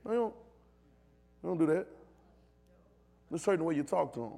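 A man delivers a sermon, trading lines with his congregation. His voice sits high for a man, and he swings from low, close asides to loud shouted calls. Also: fast talker, creaky, slightly rough. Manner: call-and-response preaching, builds to shouts. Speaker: preacher.

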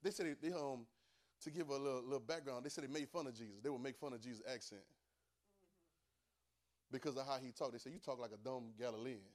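A man's voice: medium pitch, fast talker, pauses often. A man preaching a Bible class sermon, emphatic, repeating phrases and calling on listeners to answer back.

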